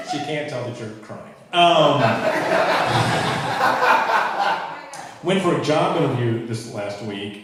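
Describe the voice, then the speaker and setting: A man's voice: medium pitch, a bit bright, a little hiss or hum. A man in his fifties from South Carolina doing a wry, self-deprecating stand-up comedy set. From Charleston, South Carolina. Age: 50s. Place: comedy club with live audience. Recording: echoey club audio from far off with crowd.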